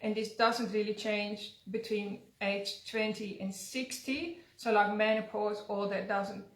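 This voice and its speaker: A woman's voice: mid-range voice, steady tone, a little slow. A woman hosting a casual health chat, talking loosely with fillers. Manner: chatty, uses fillers like "like" and "um". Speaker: wellness centre host. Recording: echoey room.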